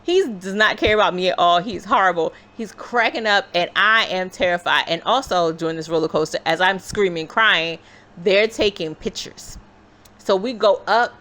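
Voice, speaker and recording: A woman vlogger telling a personal story in a casual, animated, chatty way. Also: fairly low pitch. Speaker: crochet vlogger. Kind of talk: casual storytelling while crocheting.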